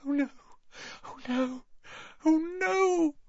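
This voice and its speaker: A man puts on a high-strung teenage schoolgirl in a storybook reading. Her voice is shrill and fretful and she rushes her words nervously. The recording is dry and a little dull. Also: vocal fry, dry recording, heavily acted. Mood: panicked. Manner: fast, nervous babbling.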